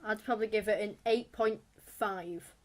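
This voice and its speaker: A woman's voice: mid-range voice, steady tone, moderate pace. Woman reading out quiz questions on a podcast. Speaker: podcast co-host and quiz reader.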